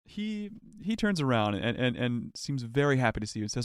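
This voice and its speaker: A man narrating a tabletop game as dungeon master, animated and quick to laugh, with frequent fillers. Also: mid-range voice, clear, resonant tone, dry recording, clean studio sound.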